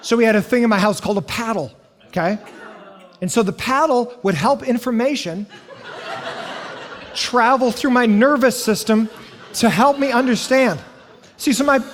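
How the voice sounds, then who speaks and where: A middle-aged male pastor from the United States preaching a sermon, telling family stories and acting out the voices in them. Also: very high voice. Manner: storytelling, acting out family scenes. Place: church hall. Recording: long hall reverb.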